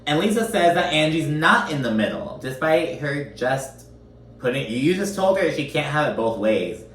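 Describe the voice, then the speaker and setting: A man's voice: on the high side, sing-song, normal speed, fairly bright tone, distant mic, slight background noise. Guy doing a profane sassy tv recap rant, a bit off-mic, roomy echo. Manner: profane, sassy, exasperated ranting. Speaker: reality TV recap commentator. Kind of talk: casual commentary recap.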